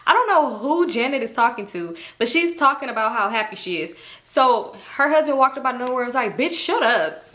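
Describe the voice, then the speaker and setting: A young woman tells a story to her camera in a high, bright voice. She is animated and salty-mouthed, and she breaks into laughs as she goes. Her delivery is loose, chatty and unscripted. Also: brisk. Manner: animated, profane, laughing often. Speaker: storytime vlogger. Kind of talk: casual storytime monologue.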